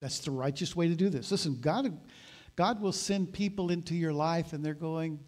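High-voiced man preaching a sermon. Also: expressive, normal speed, a little mellow. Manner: conversational preaching, rising to emphatic exhortation. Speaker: pastor.

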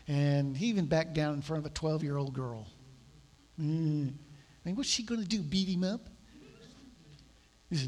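Storytelling male preacher, slightly high voice. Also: moderate pace, long pauses, darkish tone. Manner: conversational storytelling preacher, acts out quoted voices. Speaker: pastor. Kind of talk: sermon.

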